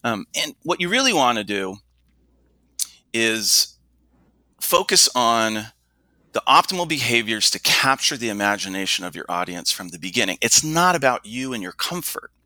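Bright-voiced middle-aged male coach. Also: medium pitch, big pitch swings, no echo. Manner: measured, instructive, demonstrates points with his own voice. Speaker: communication coach. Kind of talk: explanatory interview talk.

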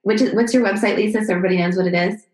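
A woman's voice: medium pitch, steady tone, rapid-fire, a little mellow. A woman hosting an interview, speaking in an earnest, affirming way. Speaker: host. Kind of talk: conversational interview. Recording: echoey room.

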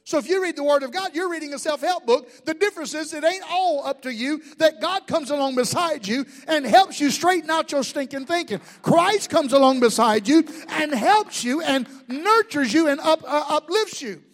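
A man's voice: very high voice, animated, normal speed, few pauses. A middle-aged man preaching a sermon as pastor, folksy and joking, asking the crowd questions.

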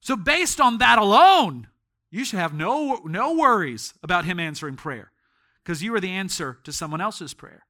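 A man preaching a sermon in a church as pastor, telling stories and swinging from hushed tones to shouts. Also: high-pitched, big pitch swings, normal speed.

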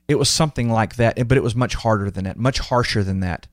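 A man with an ordinary, mid-range voice tells personal stories in a relaxed, earnest way. He gets emotional and voices other people's words with feeling. The recording is close and dry, with no room sound. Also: mid-range voice, fast talker, hardly any pauses, no room sound. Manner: earnest, emotional, animated retelling of quotes. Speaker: podcast host. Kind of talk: casual conversational storytelling.

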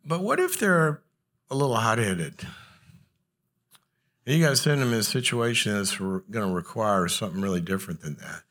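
A man's voice: fairly low pitch, moderate pace, long pauses. A middle-aged man, a psychologist, giving a humorous talk to an audience and acting out dialogue in his anecdotes. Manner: animated, acts out dialogue in anecdotes. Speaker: psychologist and speaker.

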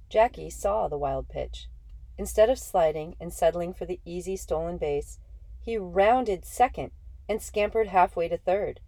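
Low, mellow woman narrating a story. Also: dry recording. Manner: steady, measured storytelling. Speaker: audiobook narrator. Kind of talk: scripted first-person storybook narration.

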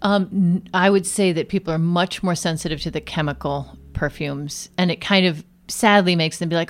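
Woman interviewee, healthcare guest; deep, slightly fried voice; relaxed, animated, rambling delivery. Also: moderate pace, few pauses. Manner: chatty, animated storytelling with many fillers. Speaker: nurse and aromatherapist guest. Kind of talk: casual interview chat.

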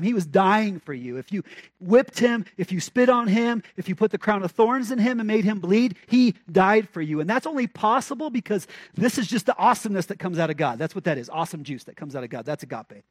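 The sermon comes from a male pastor whose voice sits high for a man. He keeps things conversational yet forceful, posing questions to the congregation and repeating phrases for emphasis, and the recording is close and dry without any echo.

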